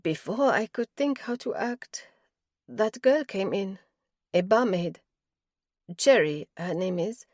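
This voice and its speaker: A woman's voice: medium pitch, lively intonation, takes it slowly, long pauses, darkish tone, dry recording, studio quality. A woman voicing a distraught young woman accused of murder, pleading in a raised, breathless way.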